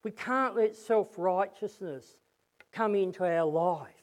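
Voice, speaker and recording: A man's voice: sits high, slow pace. A man preaching a sermon and leading a prayer, earnest, often repeating words as he goes.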